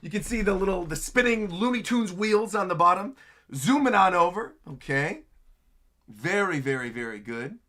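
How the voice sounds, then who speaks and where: A man with a fairly high, bright voice hosts a live reaction stream. His pitch swings widely as he chats with enthusiasm and laughs easily. He comments on each page as he reads it aloud. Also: lively intonation, moderate pace. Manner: enthusiastic, chatty, laughs often. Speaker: livestream host reacting to manga chapters.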